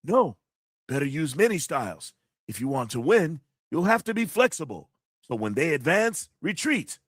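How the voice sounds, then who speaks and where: A man putting on the voice of a stern male kung fu master giving measured, instructive advice. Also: fairly high pitch, very animated, fairly bright tone, no echo, studio quality, pitched above the performer's own voice.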